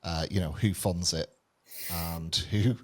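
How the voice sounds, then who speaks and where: A man speaking casually on a webinar panel over a video call, with relaxed fillers. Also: deep voice, takes it slowly.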